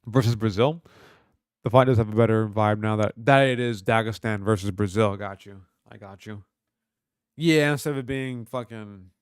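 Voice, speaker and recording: Young man from Kentucky, livestream host, loose profane chat, smooth clear voice, dry close sound. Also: on the low side, normal speed, no echo. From Kentucky, USA. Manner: loose, profane, joking banter. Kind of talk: casual livestream chat, reading chat aloud.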